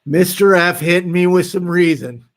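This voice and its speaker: A man hosting a live stream, reading out viewer comments in a casual, halting way with frequent restarts. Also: sits high. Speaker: livestream host reading chat.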